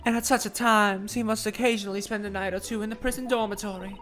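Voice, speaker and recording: Speaking fast in a steady, fairly bright, medium-pitched voice near her everyday one, a woman reads game dialogue over faint music. She voices a middle-aged Victorian wife who is genteel, anxious and prim, fretting with excessive formality in a put-on mix of Southern belle and British accents.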